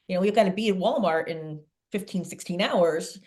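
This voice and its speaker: A middle-aged woman, a sales veteran interviewed as a guest, telling a long anecdote in a lively way. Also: on the low side, moderate pace. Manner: lively storyteller, acts out quoted voices.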